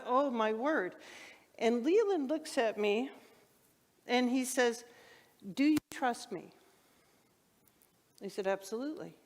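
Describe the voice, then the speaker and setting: A woman minister telling a personal story in a sermon, acting out the dialogue with lively repeats and restarts. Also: medium pitch. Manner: animated, acts out quoted dialogue. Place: church sanctuary. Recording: long church reverb.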